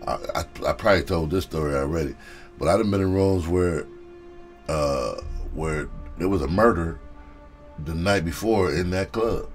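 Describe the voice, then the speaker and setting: Deep-voiced comedian telling a story. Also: male voice, normal speed, soft background music. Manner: loose and profane, laughs often, frequent "you know". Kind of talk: casual storytelling.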